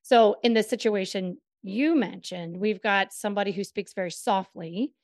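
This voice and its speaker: A woman co-hosting a casual chat, asking curious questions in a lively, friendly way and laughing easily. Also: mid-range voice, no room sound, studio quality. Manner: curious, chatty, quick to laugh. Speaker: co-host.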